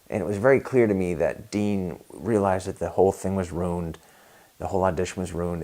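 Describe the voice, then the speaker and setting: A young man telling a comedic story about an audition in a dry, tired deadpan. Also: deep voice.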